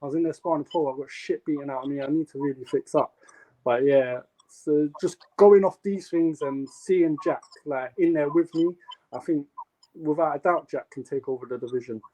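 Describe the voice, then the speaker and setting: Young man, slightly high voice, lively storyteller, lots of fillers. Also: normal speed, rough recording. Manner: animated storytelling with many fillers. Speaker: guest boxer. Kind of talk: casual chat.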